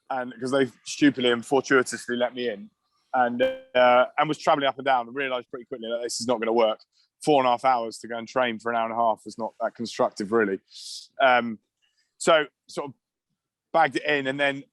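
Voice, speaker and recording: A man's voice: medium pitch, a bit bright, no echo. A middle-aged man, a former rugby player, telling long anecdotes in casual chat with restarts and laughs.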